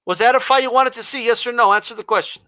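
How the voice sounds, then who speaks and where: Fast-talking, with a very high voice and a dry recording, this boxing channel host reads live chat on his stream. He hits back in a combative manner, asks pointed rhetorical questions, and mocks a flat monotone.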